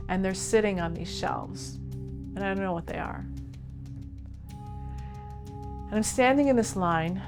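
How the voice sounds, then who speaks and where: A woman slowly recounting her own experience in a deliberate, present-tense way. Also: fairly low pitch. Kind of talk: recounted personal narrative.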